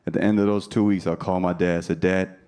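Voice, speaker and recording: A man's voice: low voice, flat delivery, fast, warm tone, clear, resonant tone. A man in his thirties doing a stand-up comedy routine on a club stage, talking brashly with profane crowd work. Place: comedy club stage before a laughing audience. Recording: live club sound with audience noise. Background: audience laughter.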